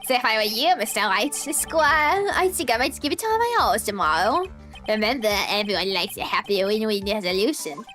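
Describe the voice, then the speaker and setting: A woman's voice: a little high, lively intonation, normal speed, a bit bright, faint music behind, pitched below the performer's own voice. A woman voicing a smug, two-faced male celebrity villain who gloats over his crimes with a sneering delivery. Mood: taunting.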